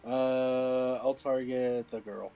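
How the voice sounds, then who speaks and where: A man's voice: mid-range voice, steady tone, takes it slowly, warm tone, smooth, low-quality recording. A man playing a tabletop game, casual, swearing and thinking aloud over his rolls. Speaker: player.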